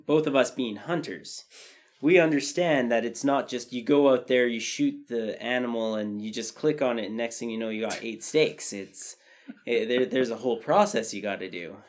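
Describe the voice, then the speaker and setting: A man in relaxed conversation on a podcast, his voice sitting at an ordinary middle pitch. He talks thoughtfully and at length, often restarting a phrase before building his point. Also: moderate pace. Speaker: podcast co-host. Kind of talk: casual chat.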